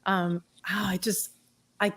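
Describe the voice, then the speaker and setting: A middle-aged woman telling her own life story on a podcast panel, candid and animated, laughing through the hard parts. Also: mid-range voice, takes it slowly, breathy edge. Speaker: podcast guest. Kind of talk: personal storytelling in a round table talk.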